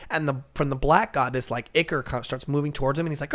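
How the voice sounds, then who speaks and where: Young man, podcast co-host, casual comic recap, animated, acts out dialogue. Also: medium pitch, quick pace, few pauses. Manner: animated storyteller, acts out characters' lines.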